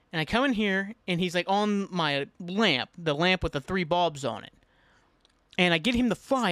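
A man's voice: high voice, dry recording. A man hosting a podcast, telling a funny story alone in a casual way, swearing and mocking himself. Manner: animated, swearing, self-mocking, acts out his own panic. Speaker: podcast host.

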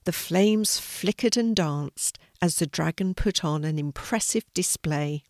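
An older woman reading a children's story aloud in a gentle storytelling manner. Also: on the low side, unhurried, no echo, studio quality.

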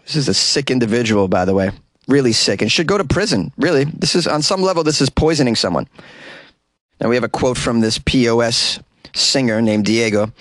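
A man with a Boston accent delivers comedy news in a sarcastic, mocking voice at a middle pitch. He now and then slips into silly put-on voices. The sound is dry, with no echo, recorded in a small closet. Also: animated, a little fast, a bit bright. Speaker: comedian podcast host.

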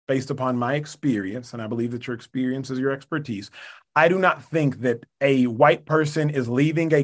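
A young man guest on a podcast, making his case in a measured, earnest way with precise wording. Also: on the high side, fairly bright tone. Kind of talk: casual debate.

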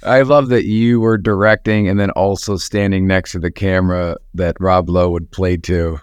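A man co-hosting a podcast, chatting casually in a relaxed, reflective way. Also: deep voice, normal speed, clean tone, dry recording. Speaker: podcast co-host. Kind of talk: casual chat.

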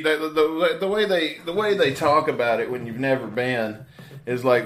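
Bright-voiced man in casual chat. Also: mid-range voice, steady tone. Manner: laughs easily, quick teasing remarks.

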